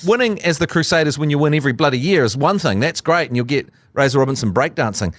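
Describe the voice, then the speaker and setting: A man with a New Zealand accent co-hosting a sports podcast, chatting in a joking, animated way with crude humour. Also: on the high side, quick pace, dry recording. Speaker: podcast co-host. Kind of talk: casual sports banter.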